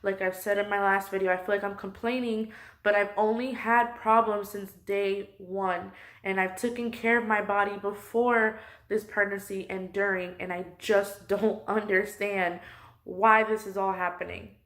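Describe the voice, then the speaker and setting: A woman's voice: mid-range voice, steady tone, normal speed, fairly bright tone. A woman close to tears, venting her frustration in a personal vlog from her couch at home. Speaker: vlogger.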